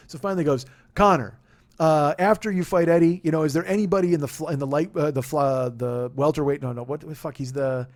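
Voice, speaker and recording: A man in his forties hosting a podcast, telling a story in a casual, profane, animated way and laughing at his own retellings. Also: fairly high pitch. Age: 40s. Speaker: podcast host.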